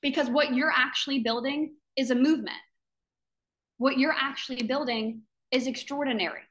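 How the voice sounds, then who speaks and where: A woman's voice: sits high, fairly even intonation, normal speed, a bit bright. A woman who founded a business community, giving a fervent motivational talk to its members on a live video call. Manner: fervent, emphatic, repeats phrases for emphasis; acts out other people's doubting voices in quotes.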